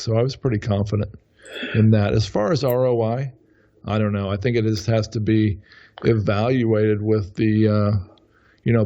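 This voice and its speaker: A man with a low, mellow voice speaks as an interview guest. He rambles through his stories, restarting and correcting himself. The recording sounds dull and lo-fi. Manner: rambling, frequent self-corrections. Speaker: podcast guest, real estate investor. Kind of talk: casual interview talk.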